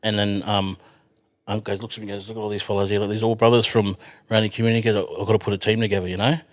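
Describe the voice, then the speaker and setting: A man's voice: fairly low pitch, little pitch movement, racing. A man with an Australian accent, a podcast guest telling rambling stories in casual chat, full of fillers, restarts and the odd swear word.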